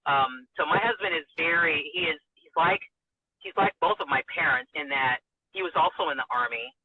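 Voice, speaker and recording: A woman broadcaster with a husky, slightly breathy voice tells a personal story in a sit-down interview, emotional and animated. Her voice comes through a narrow, phone-like band in a very dry recording with no room sound. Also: low-pitched, normal speed, dry recording. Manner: animated, acts out quoted dialogue; warm and emotional, laughs often. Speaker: radio and TV broadcaster, interview guest.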